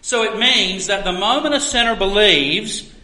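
High, bright-voiced preaching man. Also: expressive. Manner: earnest, emphatic preaching with drawn-out stresses. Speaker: pastor. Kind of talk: sermon. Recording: echoey room.

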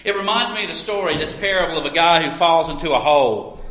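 High bright-voiced preacher in echoey hall. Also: male voice, animated. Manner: earnest preaching with storytelling and emphatic pauses. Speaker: pastor. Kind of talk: sermon. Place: church sanctuary. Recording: echoey hall with long reverb.

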